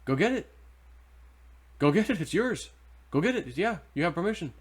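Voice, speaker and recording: A man putting on the voice of an excited male spiritual advisor who keeps repeating encouraging reassurances. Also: high voice, normal speed, slightly rough, voice pushed up, heavily acted.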